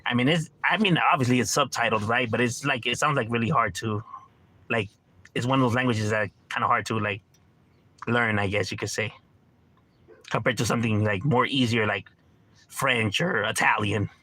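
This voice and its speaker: This is a man from Los Angeles hosting a livestream, with a medium-pitched voice, a moderate pace, and a sharp tone, recorded with no room sound. He chats casually with strangers, laid-back, slangy, and profane, dropping Spanish words and laughing often.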